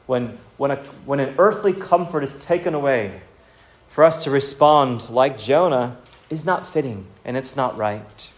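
A man's voice: medium pitch, animated, measured pace. A man preaching an expository sermon in an earnest, teacherly way, speaking straight to his listeners.

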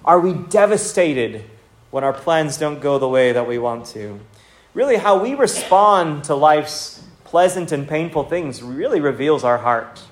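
Man, preacher, sermon, earnest, teacherly, somewhat high voice, speaks directly to listeners. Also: lively intonation, a little slow. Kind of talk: expository sermon.

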